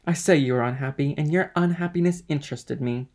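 Male reader as a smooth schemer, calm and calculating, storybook reading. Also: a little high, a little fast, close to an everyday voice. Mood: feigned innocence.

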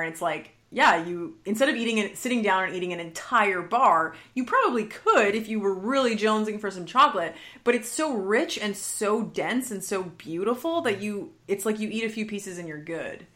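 A woman's voice: medium pitch, a bit bright. A woman hosting a casual podcast, bubbly and chatty, saying "like" a lot and laughing easily. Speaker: podcast host.

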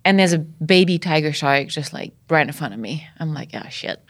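A woman from Canada, a podcast guest, telling a story in a lively way, laughing often and acting out what people said. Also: low voice, brisk. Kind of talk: casual storytelling.

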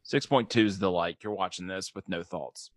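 A man's voice: deep voice, no echo, clean studio sound. Joking young man on a podcast. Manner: loose and joking, quick to laugh and goof around. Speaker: podcast co-host. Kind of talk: casual chat.

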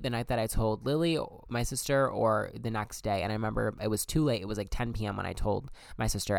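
Candid young man, smooth dry voice. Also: mid-range voice, no room sound. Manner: candid, swears freely, acts out his own past thoughts. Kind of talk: casual personal storytelling.

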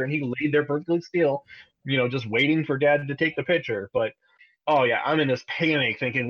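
A man in his thirties co-hosting a podcast, telling a family story in a casual, animated way, sometimes jumping high to imitate his child. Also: a little fast, muffled recording. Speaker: podcast co-host.

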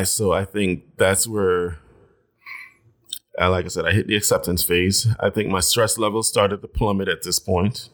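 A young man casually telling viewers a personal story, animated and swinging his voice up when acting out his own reactions. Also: low voice.

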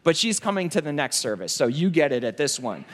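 A male pastor preaches a sermon in an emphatic, repetitive style. His voice sits a bit high for a man. He slows down and goes quiet to drive a point home. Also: very animated. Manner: emphatic, repeats key phrases, drops low and slow for weight.

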